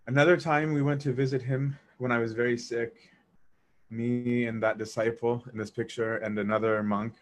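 A man casually telling a personal story, animated, acting out dialogue and laughing as he goes. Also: mid-range voice, moderate pace. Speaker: storyteller recounting memories of a monk.

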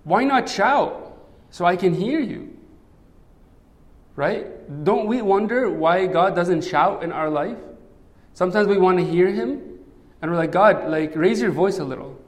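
A man's voice: sits high, measured pace, long pauses. A man preaching a sermon in a conversational way, often checking in with "right?". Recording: long hall reverb.

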